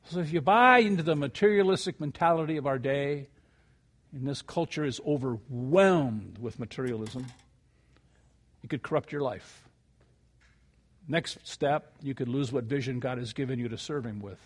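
An older man preaching a sermon, telling a story with animated rises and quiet asides before reading scripture. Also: medium pitch, moderate pace. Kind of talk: sermon with anecdote.

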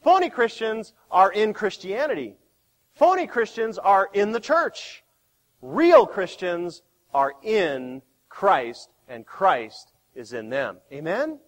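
A man preaching a sermon as pastor, with dramatic swings between quiet and loud. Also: sits high, very animated, slow. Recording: long hall reverb.

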